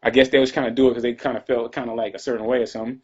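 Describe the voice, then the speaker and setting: A man's voice: medium pitch, level tone, very fast, darkish tone, husky. A man casually telling a long personal story as an interview guest, laid-back and peppered with "you know what I'm saying.". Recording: dull lo-fi audio.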